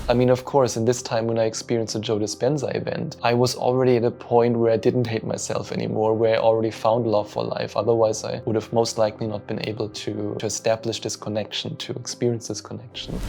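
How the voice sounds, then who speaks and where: A man's voice: lowish voice, completely flat delivery, quick pace, creaky, hardly any pauses, warm tone. A man who coaches people spiritually, telling an earnest, openly emotional personal story straight to camera.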